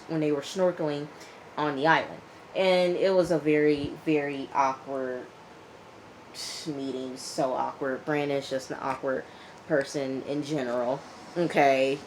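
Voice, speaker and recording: A woman casually recapping a TV episode in a chatty, animated way, often checking in with "okay?" and acting out the people she quotes. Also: low voice, measured pace, slight background noise, rough recording. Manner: chatty, animated retelling with frequent "okay?" and fillers. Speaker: TV episode reviewer.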